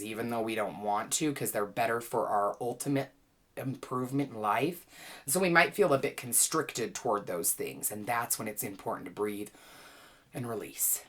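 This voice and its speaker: A woman teaching a well-being class, gently and playfully guiding listeners through calming exercises with easy laughs. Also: a bass voice. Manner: playful, chatty, laughs easily. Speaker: wellness teacher and author.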